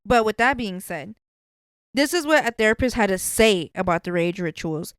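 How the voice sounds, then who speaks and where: A woman's voice: medium pitch, animated, moderate pace, clear, resonant tone, no echo. A woman hosting a podcast, chatting casually in a blunt, profane way. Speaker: podcast host.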